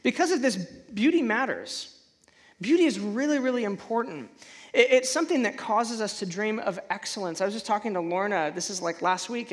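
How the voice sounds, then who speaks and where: A man preaching a sermon in a conversational way, stumbling and restarting often, then bursting out loudly when he acts out a feeling. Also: high-pitched. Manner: animated, conversational, frequent restarts and stammers. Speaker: pastor.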